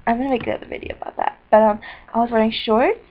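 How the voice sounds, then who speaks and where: A woman talking into her computer's webcam in a rambling video diary, scattered and apologetic, with bursts of excitement. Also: a little high, racing. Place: indoors at a computer. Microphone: built-in computer webcam mic. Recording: dull lo-fi webcam audio.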